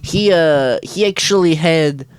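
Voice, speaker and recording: A man's voice: a little high, measured pace, slight background noise, close to an everyday voice. A young man playing a boastful Russian ex-mob storyteller in a mock Russian accent, rambling in broken English as a podcast co-host. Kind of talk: improvised comedy bit.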